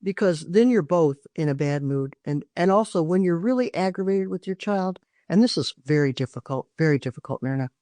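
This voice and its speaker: A woman's voice: on the low side, lively intonation, a little fast, few pauses, dark tone, no room sound. An older woman, a parenting expert guest on a podcast interview, giving earnest, emphatic advice and often restarting her sentences.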